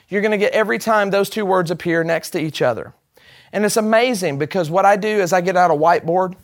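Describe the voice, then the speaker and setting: A man teaching a Bible class, speaking emphatically and putting rhetorical questions to the group. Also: sits high.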